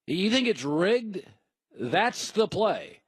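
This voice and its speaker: A man's voice: high-pitched, big pitch swings, slow pace, breathy edge, no room sound. A man hosting a sports talk show, arguing emphatically and mocking the other side as he rattles off lists. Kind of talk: heated sports debate.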